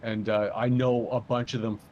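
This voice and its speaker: A man from Southern Ontario chatting casually as a podcast guest, rambling and halting with lots of fillers and restarts. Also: mid-range voice, flat delivery, a little mellow, dull audio, slight background noise. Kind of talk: casual chat.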